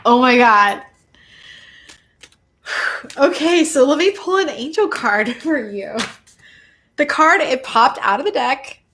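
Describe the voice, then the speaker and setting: Excitable woman host, lightly higher voice. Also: slow pace, long pauses, a little hiss or hum. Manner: excitable, gushing, laughs often. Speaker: host giving tarot readings. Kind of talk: casual live-stream chat.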